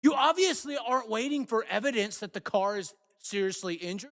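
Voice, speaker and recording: A man hosting a live show, ranting angrily and cursing, swinging between shouts and mutters. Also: high-pitched, animated, a little fast, hardly any pauses, long reverb tail. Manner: heated, profane, shifts from shouting to muttering. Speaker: host. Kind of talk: angry live rant.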